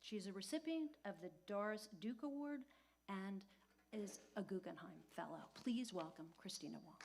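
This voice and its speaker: A woman introducing the evening's host, reading a formal bio in a measured way. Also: medium pitch, gravelly, darkish tone, a little hiss or hum. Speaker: event introducer. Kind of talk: read introduction.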